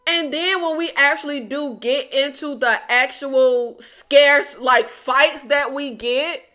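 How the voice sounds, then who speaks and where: A high-voiced woman with a bright, forceful tone gives a casual spoken film review. She sounds blunt and exasperated as she addresses her viewers directly in a chatty way. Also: slow pace. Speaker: movie reviewer.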